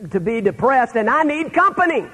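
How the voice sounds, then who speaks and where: A middle-aged man preaching a sermon, telling stories and dropping to a hush for the sad parts. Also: very high-pitched, very animated, measured pace, slightly rough, long reverb tail, poor audio. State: terminal illness, on breathing treatments. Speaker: pastor.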